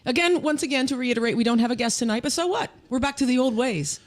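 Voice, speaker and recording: A woman co-hosting a livestreamed podcast, chatty and quick to laugh and agree. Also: high voice, lively intonation. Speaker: podcast co-host. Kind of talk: casual livestream chat.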